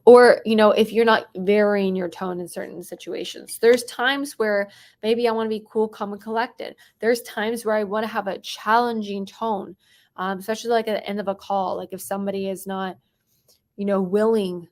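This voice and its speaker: A young adult woman coaching on sales tonality, talking quickly and dropping into whispers or bright bursts to show different tones. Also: medium pitch, fairly even intonation. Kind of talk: teaching sales tonality to a live chat audience.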